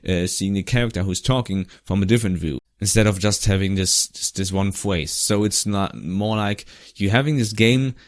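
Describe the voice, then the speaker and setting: A man with a fairly low voice chats loosely over footage of his own old project. His talk wanders, with plenty of restarts and the odd laugh. The sound is dry and close, with no room around it. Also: normal speed, few pauses, dry recording. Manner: rambling, restarts often, laughs now and then. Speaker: vlogger. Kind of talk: casual commentary over his old video.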